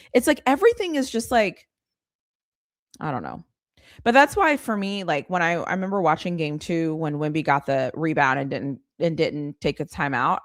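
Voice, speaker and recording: A woman with a fairly low-pitched voice hosts a live stream for casual sports chat, heard in clean studio sound without room noise. She talks casually, laughs frequently, and lets off exasperated rants.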